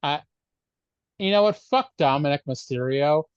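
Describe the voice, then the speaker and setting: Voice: mid-range voice, expressive, normal speed, smooth, no room sound. Dry, hesitant podcast co-host, muffled sound. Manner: dry, hesitant, lots of fillers. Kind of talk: casual chat.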